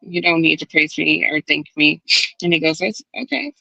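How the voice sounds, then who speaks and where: Lively, bright-voiced woman host. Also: sits low, moderate pace, vocal fry, dry recording, highs cut off. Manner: animated retelling, acting out characters' lines, swears casually. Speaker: book club host. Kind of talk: casual chat. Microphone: online stream setup.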